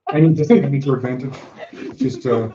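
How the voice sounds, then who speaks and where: A man playing a tabletop game, laid-back and expressive. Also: medium pitch, quick pace, background noise. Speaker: player. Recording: dull lo-fi audio.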